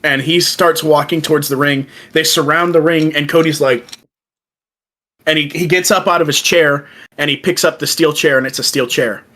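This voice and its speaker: A young man co-hosting a podcast in casual chat, excitedly retelling events and acting out the quoted lines. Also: on the high side, moderate pace, poor audio. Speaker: podcast co-host. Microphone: remote call.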